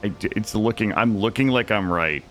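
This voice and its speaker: A man's voice: lowish voice, moderate pace, fairly bright tone, faint music behind. A young man live-streaming a video game, talking anxiously and dramatically to his chat as he plays.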